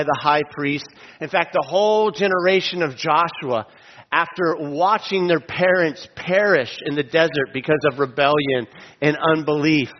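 A man preaching in a reverberant hall. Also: on the high side. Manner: storytelling with humorous asides, slowing down for emphasis. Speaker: pastor. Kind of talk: sermon. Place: auditorium. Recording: dull lo-fi sound with long hall reverb.

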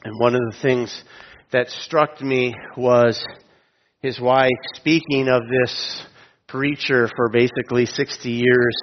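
A man preaching a sermon in an auditorium, telling a story with humorous asides and slowing down for emphasis. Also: medium pitch. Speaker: pastor. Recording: dull lo-fi sound with long hall reverb.

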